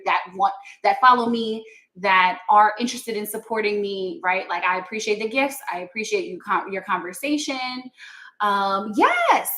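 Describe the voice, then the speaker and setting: A woman hosting a casual livestream, talking straight to her viewers in an earnest, chatty way and laughing often. Her voice sits at an ordinary middle pitch, and it bounces around an echoey room picked up by a phone or webcam mic. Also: fairly bright tone. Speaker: yoga teacher and livestream host.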